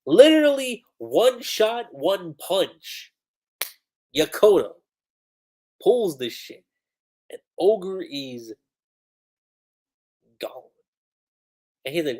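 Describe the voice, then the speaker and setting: A man giving casual, excitable commentary on a manga chapter during a livestream. He talks with lots of "like" fillers. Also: fairly high pitch, slow, long pauses. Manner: excitable, animated, full of "like" fillers, breaks into laughter.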